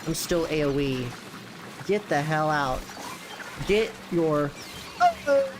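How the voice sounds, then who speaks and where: A young man chatting excitedly while streaming a video game, with sudden jumps in pitch. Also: slow, background noise. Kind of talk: casual gameplay commentary.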